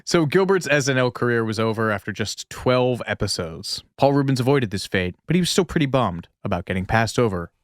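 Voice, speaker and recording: Man, podcast co-host, wry trivia narration, mid pitch, dry close mic. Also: animated, fairly quick, hardly any pauses, no echo.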